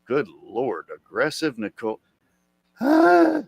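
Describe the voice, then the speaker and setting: Rambling, profane streamer, dry sound. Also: male voice, lowish voice, sing-song, measured pace, no room sound. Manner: rambling, profane, loud outbursts. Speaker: live streamer. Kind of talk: casual live-stream chat.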